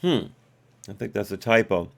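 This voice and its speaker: A man's voice: fairly low pitch, very animated, normal speed, vocal fry. A man hosting a live stream, reading documents aloud and breaking off for wry asides and corrections to his chat.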